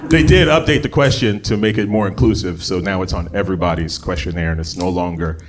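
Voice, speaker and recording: On a club stage, a man does stand-up into a handheld mic, his low voice running fast and chatty as he laughs at his own jokes. It's a live club recording with an audience and slight background noise.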